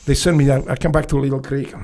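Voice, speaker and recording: A gravelly-voiced former Navy SEAL from Poland tells war stories in a Polish accent during a casual podcast interview. He speaks in a mid-range voice at a quick pace. Animated and laughing often, he swears freely and acts out dialogue.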